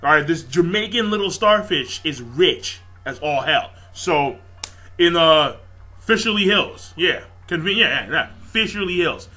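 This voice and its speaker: A man giving a casual recap and review of an anime episode, excitable and profane, rambling with lots of fillers. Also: fairly high pitch, measured pace, faint music behind.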